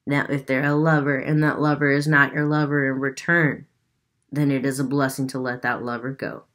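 A woman's voice: very deep voice, little pitch movement, moderate pace, a bit bright. A woman giving a casual tarot reading with an unusual accent, chatty and loose, swearing now and then. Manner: chatty, swears, laughs at herself. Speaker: tarot reader.

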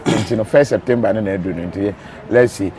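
A Ghanaian-accented man hosts a live stream in casual chat, reading viewer comments aloud, joking and switching between Twi and English. His voice is lowish and warm, and he talks at a quick pace.

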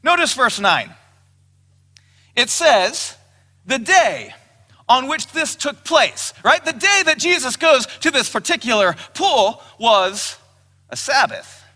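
High, bright-voiced man preaching in a hall. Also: very animated, slow. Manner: emphatic preaching, quotes scripture in raised voice. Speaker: pastor. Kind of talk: sermon. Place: church hall. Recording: long hall reverb.

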